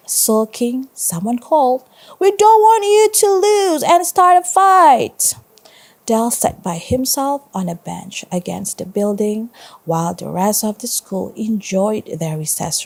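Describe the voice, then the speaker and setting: A woman teacher reading a story aloud to her pupils and pausing to ask them questions. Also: mid-range voice, gravelly, warm tone, husky. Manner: slow, stops to ask students questions.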